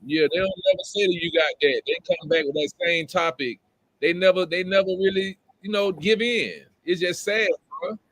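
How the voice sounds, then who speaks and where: A man's voice: high voice, normal speed, a bit bright, no room sound, poor audio. Blunt slangy young-sounding man. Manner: blunt, slangy, ends lines with bro. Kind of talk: casual live stream talk.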